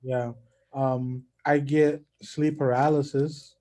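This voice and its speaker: A man's voice: mid-range voice, little pitch movement, takes it slowly, mellow. A young man in casual conversation, talking in an easygoing, laid-back way about his own experiences.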